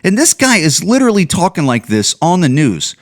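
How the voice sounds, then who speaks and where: A man's voice: on the high side, wildly swooping pitch, brisk. A man hosting a solo podcast, ranting in heated, profane commentary full of restarts and repeated words. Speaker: podcast host.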